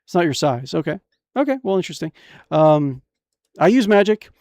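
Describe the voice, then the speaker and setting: High-voiced excitable young gamer. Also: male voice, moderate pace, no room sound, clean studio sound. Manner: excitable, jokey, reads game text aloud with crude asides. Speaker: streamer. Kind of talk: casual gameplay commentary.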